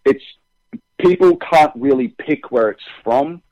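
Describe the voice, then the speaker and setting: A man's voice: medium pitch, darkish tone, no room sound, low-quality recording. A young adult man with an Australian accent, chatting as an interview guest, with frequent restarts and fillers. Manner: halting, many restarts and fillers. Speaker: actor and comic creator, guest. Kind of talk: casual interview chat.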